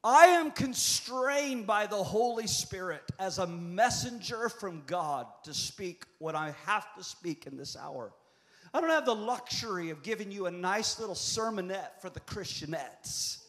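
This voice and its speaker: A man's voice: sits high, big pitch swings, a little slow, fairly bright tone. A man in his fifties preaching a prophetic sermon as a pastor, with impassioned, repetitive cadences. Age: 50s.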